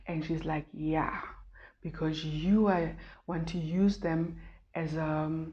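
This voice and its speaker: A woman's voice: deep voice, fairly even intonation, takes it slowly, dark tone. A woman talking earnestly and emotionally in a casual vlog, often restarting and repeating words. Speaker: vlogger. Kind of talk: casual weight-loss vlog. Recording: dull lo-fi recording.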